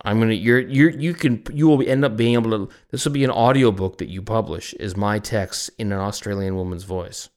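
A man's voice: on the low side, brisk, hardly any pauses, a little mellow. A man co-hosting a podcast in casual chat, teasing and joking with his partner. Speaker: podcast co-host.

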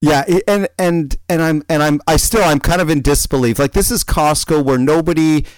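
Male co-host, rambling storyteller, smooth voice, dry close sound. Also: a little high, normal speed, no echo. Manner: animated rambling storyteller, frequent restarts. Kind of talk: casual chat, personal anecdote.

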